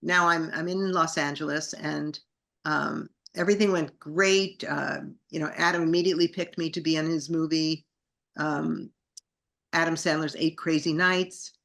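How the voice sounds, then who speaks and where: A woman's voice: low-pitched, fairly even intonation, normal speed, gravelly, a bit bright. A middle-aged woman, a singer and actress, telling her story in an interview with an enthusiastic, grateful manner.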